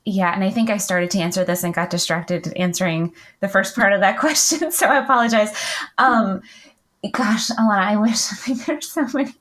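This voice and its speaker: Middle-aged woman guest, casual and chatty, mid pitch, laughs easily. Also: moderate pace, fairly bright tone. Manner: chatty, laughs often, many fillers. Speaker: podcast guest, client. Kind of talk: casual interview chat.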